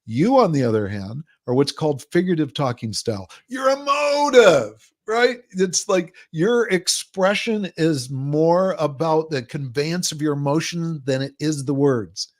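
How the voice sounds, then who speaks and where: A man's voice: on the high side, normal speed, hardly any pauses. A man as a podcast guest, explaining his ideas at length and acting out quoted people in a livelier voice. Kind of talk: conversational podcast interview.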